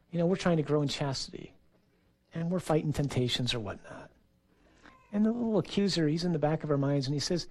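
Conversational preaching priest, slightly high voice. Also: male voice, a little mellow. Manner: conversational storytelling. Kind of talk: sermon. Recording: radio broadcast.

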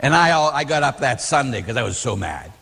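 A man who is a Catholic priest teaching a class, telling stories in a blunt, animated way. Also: medium pitch, a little fast, gravelly, breathy edge, long reverb tail.

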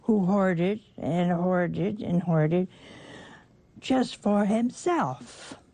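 Older lady preaching, slow and gravelly, kind of husky, folksy and teasing. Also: lowish voice, dark tone, dry recording. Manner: folksy, teasing, acts out voices from the parable. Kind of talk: sermon.

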